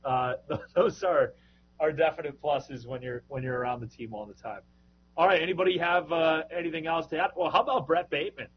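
Joking podcast man, slightly high voice. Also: fairly even intonation, brisk, muffled recording, a little hiss or hum. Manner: joking, rambling storyteller. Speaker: podcast co-host, minor league broadcaster. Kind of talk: casual podcast chat.

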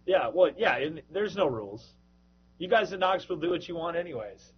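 A man's voice: on the high side, lively intonation, fairly quick, breathy edge, dull audio. A man co-hosting a casual podcast, telling rambling, joking stories about players he has worked with. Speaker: podcast co-host, minor league broadcaster.

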